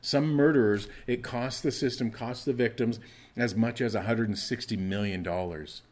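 A man's voice: mid-range voice, moderate pace, a little mellow. A middle-aged man, a pastor, preaching a sermon and acting out anguished prayers with rising intensity.

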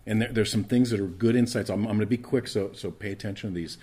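Husky-voiced preacher with dynamic delivery. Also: male voice, lowish voice, fairly even intonation, fast. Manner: dynamic preaching, rising loud for emphasis and dropping to hushed asides; repeats words when restarting. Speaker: pastor. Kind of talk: sermon.

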